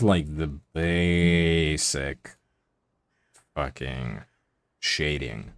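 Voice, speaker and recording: A man's voice: a bass voice, very animated, slow pace, no room sound. A man streaming while he draws, chatting casually and swearing offhandedly. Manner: laid-back, swears casually. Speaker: art streamer.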